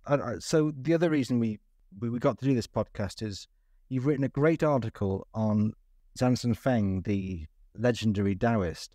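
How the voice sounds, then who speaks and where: A man's voice: mid-range voice, moderate pace, warm tone, dry recording, clean studio sound. A man hosting a podcast, asking loose, encouraging questions in a casual chat. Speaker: podcast host.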